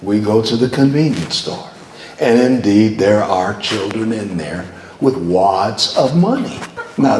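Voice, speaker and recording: A man's voice: lowish voice, darkish tone. An older man, a veteran TV journalist, telling stories to a live audience in a chatty way, often repeating words as he starts a thought. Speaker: veteran TV journalist, guest speaker. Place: hall with an audience. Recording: echoey room, faint noise.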